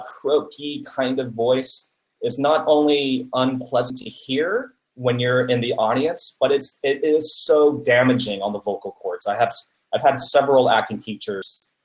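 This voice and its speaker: A man hosting a podcast, casually giving public speaking advice and often checking in with "right?". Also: medium pitch. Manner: many fillers and restarts, asks "right?" often. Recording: roomy echo.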